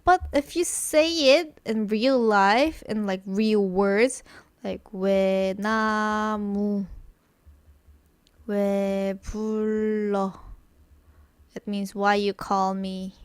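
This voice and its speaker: A woman whose first language is Korean teaches pronunciation in English at a very slow, deliberate pace. She stretches each example sound, says it again and again, and fills the gaps with fillers. Her voice is dry and close, with little room sound. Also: medium pitch, no echo. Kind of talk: slow, repetitive pronunciation lesson.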